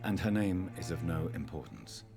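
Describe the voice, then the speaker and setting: A grave son with a very deep voice that still rises and falls with feeling. Game dialogue with clear music behind. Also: male voice, big pitch swings, normal speed, full character voice. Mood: solemn. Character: solemn grown son, a doctor turned vampire.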